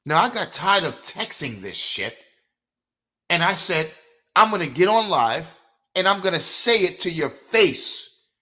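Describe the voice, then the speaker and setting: A middle-aged man hosting a live boxing podcast, ranting with fiery, profane outbursts that drop into low mutters. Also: very animated, unhurried, pushed and bright. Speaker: podcast host. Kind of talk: live-stream boxing rant.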